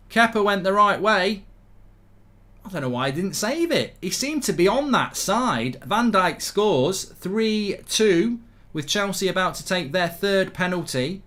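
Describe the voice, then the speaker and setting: Excitable man doing live football commentary. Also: high-pitched, measured pace. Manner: excitable, swears casually, rants in bursts. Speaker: host of a live football watchalong stream.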